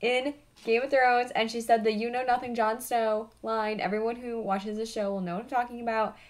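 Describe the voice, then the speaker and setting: A woman's voice: fairly high pitch, fairly even intonation, fairly quick. Joking woman podcast co-host. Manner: jokey, playful asides. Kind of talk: casual chat.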